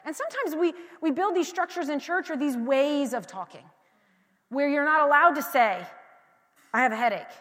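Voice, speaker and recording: A woman pastor with a high, bright-pitched voice preaches in a loose, candid, conversational way, telling personal stories and often restarting her sentences. She drops to near-whispered confiding and then swells into loud, emphatic declarations. Her voice carries a long, echoing reverb, as in a large church hall. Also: lively intonation, moderate pace. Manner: swings between quiet confiding and loud emphatic passages. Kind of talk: conversational sermon.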